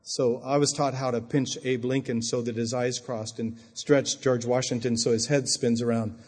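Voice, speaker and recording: A middle-aged man preaching a sermon, telling stories and swinging from quiet asides to loud, high emphasis. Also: flat delivery, normal speed, breathy edge. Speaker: pastor. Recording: long hall reverb.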